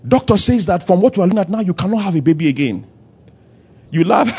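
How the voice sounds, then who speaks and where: Animated high-voiced preacher, husky. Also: male voice, moderate pace. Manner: animated preaching, acts out dialogue, shifting loud and soft. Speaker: pastor. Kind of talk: sermon. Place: church service.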